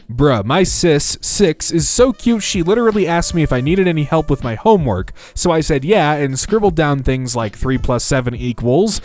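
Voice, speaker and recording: A man narrating internet posts aloud in an animated, comic storytelling manner. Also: a little high. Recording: faint background music.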